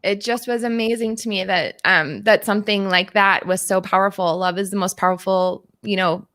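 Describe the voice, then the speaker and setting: A woman co-hosting a talk show, sharing her thoughts in a heartfelt, hesitant way with frequent pauses. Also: medium pitch, steady tone. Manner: soft, hesitant, many pauses and "um"s. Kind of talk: heartfelt conversation.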